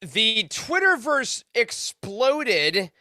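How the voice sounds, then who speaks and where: A man co-hosting a casual podcast, musing aloud in animated, meandering sentences. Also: high voice, extremely slow, no room sound, clean studio sound. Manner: animated, muses aloud, trails off. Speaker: podcast co-host. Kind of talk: casual roundtable chat.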